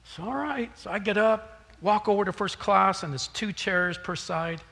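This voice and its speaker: A man pastor from San Jose tells a story in his sermon, playing out both sides of the dialogue before building into fervent preaching. His voice sits high and rings bright. It carries through a reverberant hall with soft instrumental music underneath. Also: moderate pace. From San Jose, California.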